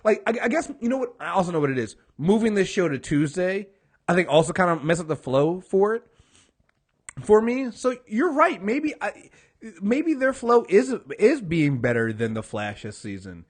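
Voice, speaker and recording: Guy on a tv recap podcast, super animated voice jumping all over, cusses a lot, does little voices for the characters. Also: high voice, moderate pace. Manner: animated, acts out characters' lines, swears freely. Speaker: podcast co-host. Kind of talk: casual TV recap discussion.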